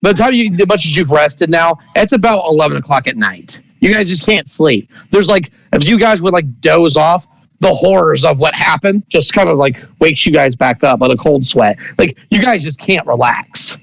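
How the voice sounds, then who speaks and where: Man, game master, high voice, gravelly edge, dry close sound, rambling narration. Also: lively intonation, moderate pace, fairly bright tone, no room sound, rough recording. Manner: rambling, many fillers and restarts.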